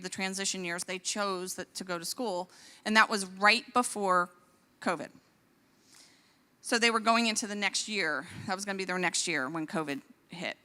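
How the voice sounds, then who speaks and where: A woman in her forties, a physician, giving an impassioned talk at a church, indignant and animated, her voice rising to exclamations. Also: medium pitch. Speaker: physician speaker. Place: large church hall. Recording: long hall reverb.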